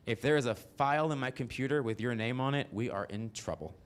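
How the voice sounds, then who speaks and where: Medium-pitched and fairly quick, a solo performer in his forties from Mississippi narrates his life on stage. His autobiographical stand-up is outspoken and profane, with asides aimed at the audience.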